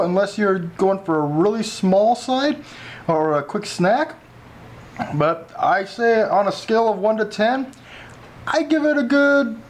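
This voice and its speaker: Guy with a pretty high voice rambling on about a taco, chatty, keeps restarting. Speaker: food reviewer co-host. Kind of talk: casual food review.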